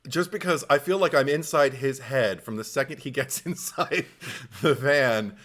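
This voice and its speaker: A man's voice: medium pitch, moderate pace, a bit bright. A man co-hosting a podcast in casual chat, enthusiastic and rambling, swearing freely and laughing often. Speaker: podcast co-host.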